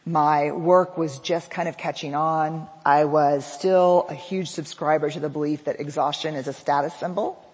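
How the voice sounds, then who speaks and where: A woman telling a personal story to an audience, lively and acting out the dialogue she quotes. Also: sits low, moderate pace, hardly any pauses, breathy edge. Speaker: public speaker. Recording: long reverb of a large hall.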